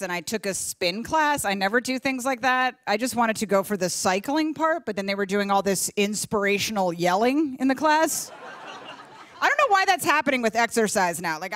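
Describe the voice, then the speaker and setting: Woman, stand-up set, high voice, exasperated, animated, late-night studio. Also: a little hiss or hum. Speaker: stand-up comedian.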